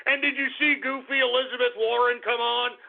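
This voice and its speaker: Male radio host on an angry repetitive rant; high, raspy-edged voice; lo-fi phone-quality recording. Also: little pitch movement, a little fast, a crowd in the background. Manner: angry, ranting, swearing, repeating himself. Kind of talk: live talk radio rant.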